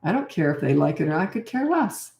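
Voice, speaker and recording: A woman's voice: lowish voice, sing-song, fast, a little mellow, roomy sound. An older woman coaching parents in casual talk, blunt and no-nonsense, often acting out what parents and children say. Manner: blunt, no-nonsense, acts out quoted lines.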